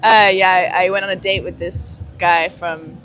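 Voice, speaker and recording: A woman's voice: fairly low pitch, fairly even intonation, moderate pace, a bit bright, a little hiss or hum. A woman sailor in a casual street interview, laughing often and swearing casually.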